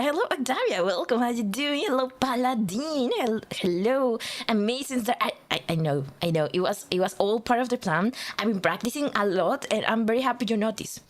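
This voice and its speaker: A woman's voice: a little high, expressive, moderate pace. Playful, giggly woman streamer. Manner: playful and teasing, giggly, with stammered restarts. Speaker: livestreamer. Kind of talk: casual livestream chat greeting viewers.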